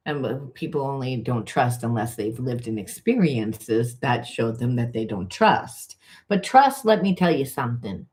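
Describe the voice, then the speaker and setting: A woman's voice: low voice, a little mellow. A woman, a spiritual coach, talking through emotional healing in a loose, rambling way full of restarts and fillers. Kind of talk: informal coaching monologue.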